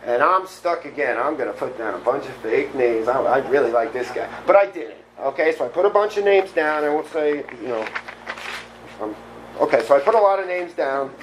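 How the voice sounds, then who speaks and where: A middle-aged man giving a candid, animated personal recovery talk, often laughing at himself. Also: mid-range voice, brisk, slight background noise, poor audio. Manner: candid, animated storytelling with self-deprecating laughs. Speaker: recovery meeting speaker.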